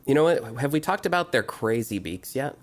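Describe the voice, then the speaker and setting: A man's voice: medium pitch, sing-song, a little fast. A man co-hosting a casual podcast, enthusiastic and jokey in his banter. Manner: enthusiastic, jokey, breaks into silly chants. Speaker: podcast co-host. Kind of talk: casual chat.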